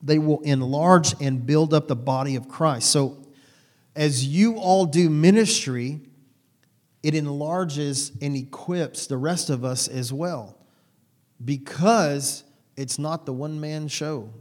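A man's voice: a little high, slow, a little mellow. A male pastor giving a sermon in a conversational, rambling way, with restarts and asides.

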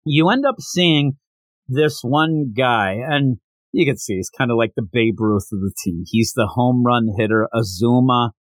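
A man's voice: medium pitch, unhurried, dry recording. A man hosting a podcast, giving a casual, opinionated manga review as he recaps scenes.

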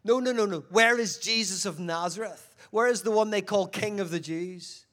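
A man voicing a brusque Roman soldier searching for someone, in his own high-pitched voice with insistent, impatient questioning. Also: moderate pace, a bit bright.

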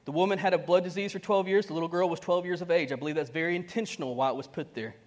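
A man preaching a sermon to a congregation, conversational and animated. He acts out dialogue, with sudden swings between soft and loud, and chuckles often. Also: fairly high pitch, rapid-fire. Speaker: pastor.

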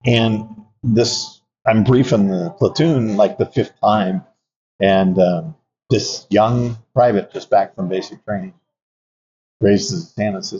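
A man's voice: lowish voice, takes it slowly, warm tone. An older man, an Army veteran, telling reflective stories in an interview, with frequent fillers and restarts. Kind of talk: conversational interview storytelling. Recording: dull lo-fi audio.

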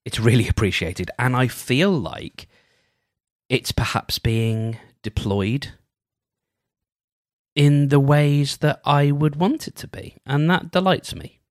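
A man hosting his own solo podcast, chatting gently and meandering, often restarting his sentences. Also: mid-range voice, slow pace, no echo, studio quality. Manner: meandering, self-interrupting, gentle. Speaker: podcast host. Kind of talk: casual solo podcast chat.

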